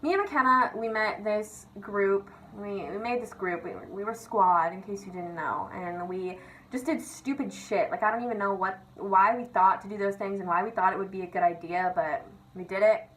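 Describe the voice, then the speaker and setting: Her voice is medium-pitched and fairly bright at normal speed, captured on a rough recording. This young vlogger tells casual, rant-style stories from school, giggling, cursing freely, and leaning on "like" nonstop.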